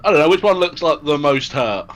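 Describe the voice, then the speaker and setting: A man playing a tabletop game, casual and excitable, swearing freely. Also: a little high, brisk. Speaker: player.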